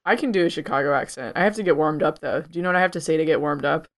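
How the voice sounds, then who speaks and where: A woman's voice: sits low, racing. A woman co-hosting a podcast in casual chat, playful and swearing. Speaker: podcast co-host.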